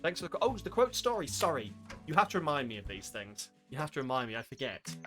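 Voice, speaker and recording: A man's voice: medium pitch, sing-song, fast, pushed and bright, soft background music. A man streaming a game with casual, rambling commentary, self-mocking and full of asides.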